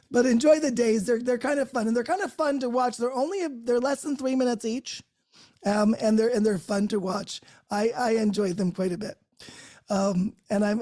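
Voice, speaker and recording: Woman host, soft mellow tone, slightly high, effusive and laughing, chatting live from her home. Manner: chatty and effusive, laughs often, restarts words. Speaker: host of a group call. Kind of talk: casual unscripted chat to a live group. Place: her own home, great room by a Christmas tree.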